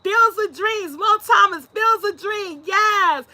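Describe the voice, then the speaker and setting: Bright high-voiced woman live-streaming. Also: slow. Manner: lively, laughs often, talks to chat. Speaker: vlog host. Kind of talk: casual live-stream chat.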